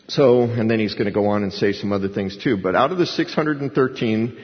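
A man's voice: fairly low pitch, fairly quick, hardly any pauses. A male pastor delivers an expository sermon in a plain, conversational voice, stopping and restarting as he leans on key words. His voice rings with the long reverb of a large hall. The recording sounds dull and lo-fi. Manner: conversational, folksy preaching with restarts and emphasis.

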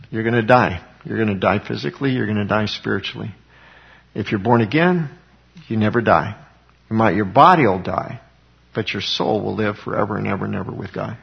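A man teaching from the Bible in a conversational, earnest way, rising in pitch when he quotes scripture. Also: gravelly, breathy edge, muffled recording. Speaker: preacher.

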